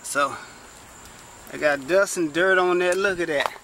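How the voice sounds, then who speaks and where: A chatty man, pitched high for a man, walks viewers through a repair from inside a parked car, exclaiming as he goes. His camera sits close while he works, with a faint hiss behind him. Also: measured pace, pushed and bright. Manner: chatty, exclaims often, talks straight to viewers. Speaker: vlogger. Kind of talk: casual how-to car repair vlog.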